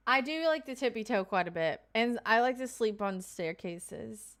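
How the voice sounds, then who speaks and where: Streamer woman from Kentucky, bit higher voice, smooth and clean, loose chatty delivery. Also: expressive, fairly bright tone. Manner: chatty, loose, with fillers and quick asides. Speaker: live streamer. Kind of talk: casual chat reading viewer comments.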